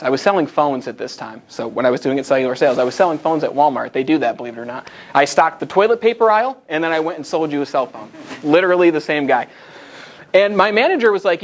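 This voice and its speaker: A man in his twenties giving a live motivational presentation to a group, telling stories with lively asides to the audience. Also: on the high side, fast. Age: 20s. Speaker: motivational speaker. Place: meeting room in front of a live group.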